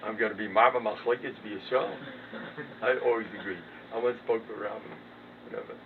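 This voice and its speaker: A rabbi giving a humorous Torah talk, self-mocking and swinging from low mumbled asides to loud emphatic bursts. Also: male voice, fairly even intonation, brisk. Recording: distant, tinny phone-quality recording with background noise.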